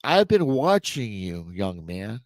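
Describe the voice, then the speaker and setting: Menacing werewolf, rumbling, low and slow, read by a man, dry close sound. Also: very animated, darkish tone, no echo. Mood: ominous.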